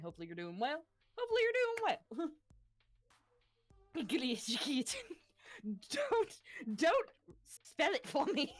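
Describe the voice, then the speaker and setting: A woman co-streamer chats with her audience in a giggly, easygoing way, her voice a bit high and very lively. Faint music plays softly behind her. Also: dry recording. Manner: chatty, giggly, addresses chat directly. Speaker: co-streamer, guest. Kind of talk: casual stream chat.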